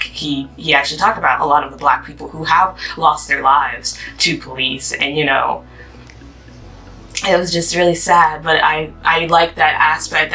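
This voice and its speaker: A woman's voice: low voice, pushed and bright, recorded from a distance, poor audio. A woman chatting casually about a book she read, full of fillers, and reading her own review aloud. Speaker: book vlogger.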